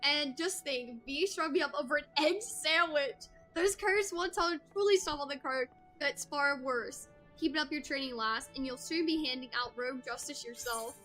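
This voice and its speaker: A gruff rogue guildmaster with a sailor's turn of phrase, calling folks "lass", read aloud by a woman streamer. The delivery stays fairly high and light despite the swagger. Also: moderate pace, few pauses, sharp tone, soft background music. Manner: salty seafaring speech, calls others lass. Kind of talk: reading game dialogue aloud.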